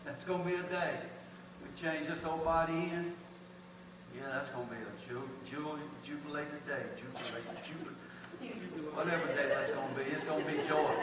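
A man's voice: a little high, steady tone, moderate pace. A man, preaching a folksy sermon as pastor with emphatic bursts. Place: church sanctuary. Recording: echoey hall from far off, noisy.

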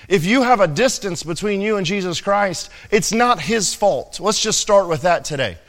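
Joking young preacher in a reverberant hall. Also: male voice, high-pitched, fairly bright tone. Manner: conversational, jokey preaching with many "right?" asides. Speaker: pastor. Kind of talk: sermon.

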